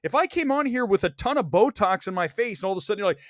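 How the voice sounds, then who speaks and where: A man hosting a movie talk show, delivering blunt, opinionated box office commentary and climbing high in pitch when he gets worked up. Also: animated, quick pace, few pauses, a bit bright, no room sound, studio quality. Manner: blunt, opinionated, straight-talking. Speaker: host.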